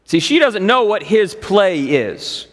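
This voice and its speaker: A male preacher tells a story from the pulpit, stacking repeated phrases for dramatic build. His voice sits high for a man. A long church-hall reverb trails his words. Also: big pitch swings, slow. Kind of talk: sermon storytelling. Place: church sanctuary.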